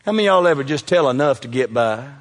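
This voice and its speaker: A man's voice: medium pitch, animated, racing, in a large hall. A Southern man preaching a sermon as pastor, firing call-and-response questions at his congregation.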